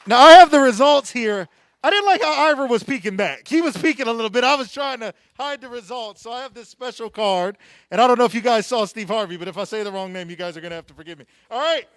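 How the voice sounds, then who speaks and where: A playful male emcee with a high voice works the crowd at an awards night, speaking into a handheld mic. The sound is dry and close. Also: lively intonation, fast talker, fairly bright tone, dry recording. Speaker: event emcee. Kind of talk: live awards announcing. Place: event hall stage. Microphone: handheld microphone.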